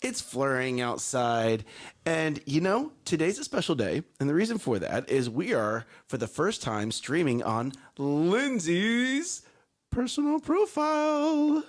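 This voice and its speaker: A man co-hosting a morning talk show, giggly and animated as he chats about family life. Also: fairly high pitch, measured pace. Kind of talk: casual chat.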